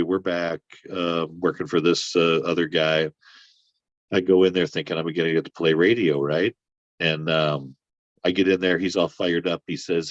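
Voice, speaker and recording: Man with a real low voice rambling through a story, cusses a lot, dry kinda dull sound. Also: dry recording. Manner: rambling, profane, animated when riled. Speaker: podcast guest. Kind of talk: casual storytelling.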